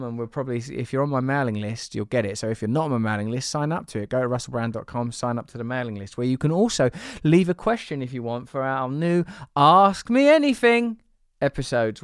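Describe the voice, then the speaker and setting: A man's voice: medium pitch, clean tone, dry recording, studio quality. A man hosting a podcast in casual chat, playful and teasing, rambling from thought to thought. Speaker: podcast host.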